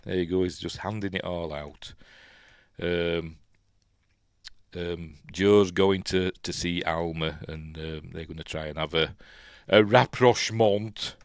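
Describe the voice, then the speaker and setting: A man's voice: low voice, fairly even intonation, slow, clear, resonant tone, no echo, studio quality. A man with a Yorkshire accent hosts a podcast and recaps a film in a loose, chatty way. He fills his talk with ums, corrects himself often and adds wry asides. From Yorkshire, England. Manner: rambling and chatty, with many ums and self-corrections; wry asides and soft chuckles. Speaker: podcast host reviewing a film. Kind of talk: casual film recap commentary.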